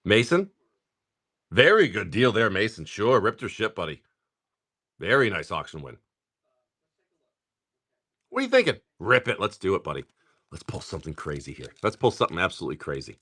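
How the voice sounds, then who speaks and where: A man's voice: mid-range voice, very animated, normal speed, pauses often, a bit bright. A man hosting a live stream where he opens card packs, chatting casually and upbeat with viewers, greeting them by name and swearing freely.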